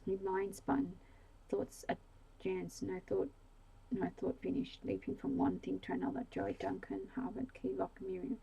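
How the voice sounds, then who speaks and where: A woman reading a bedtime story in a soft ASMR whisper, sometimes slipping into a low voice. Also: big pitch swings, a little slow, gravelly, breathy edge, dull audio.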